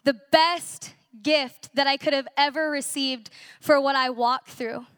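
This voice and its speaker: Young woman, church testimony, earnest and animated, bright tone, high voice. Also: a little slow, dry recording, clean studio sound. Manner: earnest, emotional, animated storytelling. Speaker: testimony speaker at a church conference. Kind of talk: personal testimony to a congregation.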